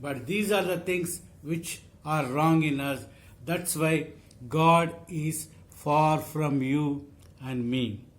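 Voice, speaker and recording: A man preaching a sermon, reading scripture and repeating phrases slowly for emphasis. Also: fairly high pitch.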